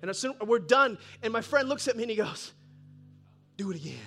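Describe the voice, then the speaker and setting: A man in his fifties, a pastor telling a lively sermon story with excited bursts and laughs. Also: very high-pitched, quick pace. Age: 50s. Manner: animated, bursts of excited laughter and loud peaks. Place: church.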